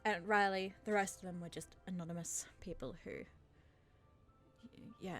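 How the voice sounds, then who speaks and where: A woman in her thirties from Australia talks with an English-sounding accent she blames on nerves. She rambles and apologizes as she reads out viewer questions. Her pitch sits mid-range, and faint music plays beneath her. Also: steady tone, a little slow. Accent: English-sounding, from a British father. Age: 30s. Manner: nervous, self-deprecating, rambling. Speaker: channel host. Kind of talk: nervous Q&A chat to camera.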